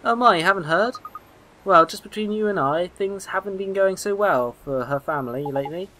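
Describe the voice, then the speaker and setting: A man's voice: high voice, fairly quick, sharp tone, slight background noise, voice pushed up, rough recording. A man voicing a chatty, fussing old woman neighbour who loves to gossip, with game music behind. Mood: gossipy.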